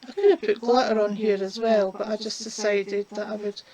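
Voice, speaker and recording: A woman's voice: medium pitch, fairly even intonation, a crowd in the background, poor audio. A woman, chatting casually while demonstrating a colouring craft. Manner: chatty, unhurried, talks while working.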